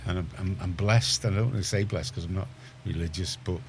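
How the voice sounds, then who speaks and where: A deep-voiced man from Liverpool, England, with a Scouse accent hosts a community radio show, chatting casually in the studio. He talks a little fast in a steady, darkish tone, rambling with lots of restarts, and there's slight background noise.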